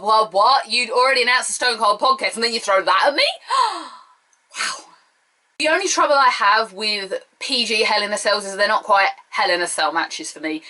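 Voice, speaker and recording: Chatty opinionated girl reviewing wrestling solo, bright voice, middle pitch. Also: poor audio.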